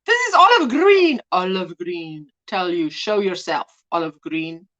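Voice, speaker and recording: A woman's voice: on the low side, big pitch swings, a little slow, a bit bright, lo-fi sound. A woman hosting a casual crochet livestream, chatty, greeting viewers and reading their comments aloud. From South Africa. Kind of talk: casual live-stream chat. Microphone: phone.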